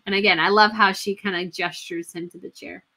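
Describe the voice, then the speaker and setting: A woman's voice: medium pitch, steady tone, a little fast, pushed and bright, a little hiss or hum. A woman hosting a casual livestream, gushing and chatty, with many fillers and restarts. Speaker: royal news livestream host.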